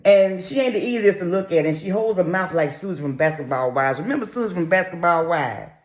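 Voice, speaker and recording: A man's voice: sits high, expressive, a little fast. A man giving sassy, brash, crude gossip commentary on a reality show in a casual vlog.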